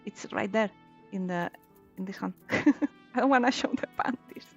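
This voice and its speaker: A woman's voice: medium pitch, normal speed, creaky, husky, muffled recording, soft background music. A woman streaming a game in casual commentary, chatty and giggly, thinking aloud as she plays.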